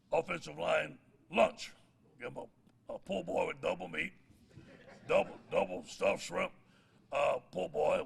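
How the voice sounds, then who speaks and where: A man's voice: on the high side, gravelly, pushed and bright, slight background noise. A middle-aged man, a head football coach giving a press conference speech with folksy stories and jokes. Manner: folksy storyteller, laughs at his own jokes.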